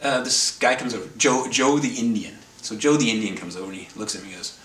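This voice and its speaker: A man's voice: fairly low pitch, fast, fairly bright tone. A wry man rambling through a story. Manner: rambling, self-correcting, wry. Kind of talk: casual anecdote told to camera. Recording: roomy, distant, faint background noise.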